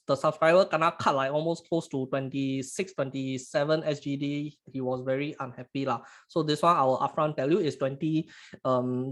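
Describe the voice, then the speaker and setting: A man's voice: fairly high pitch, a bit bright. Chatty Singaporean man hosting a webinar. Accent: Singaporean English. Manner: halting, stumbles and repeats words; chatty, ends phrases with "lah". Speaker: trading webinar host. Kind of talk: casual live webinar talk.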